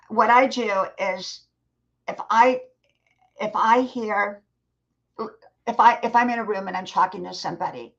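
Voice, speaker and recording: Older woman, live-stream host, earnest motivational advice, mid pitch, dull lo-fi audio. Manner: earnest, advising, addresses chat viewers directly.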